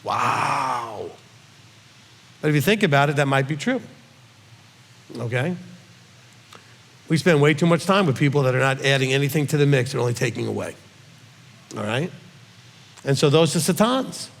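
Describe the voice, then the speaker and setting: A man's voice: mid-range voice, expressive, normal speed, pauses often. A middle-aged man teaching as a rabbi in a question-and-answer session, emphatic and checking in often with his listeners. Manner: emphatic, with frequent "okay?" check-ins. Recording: long hall reverb.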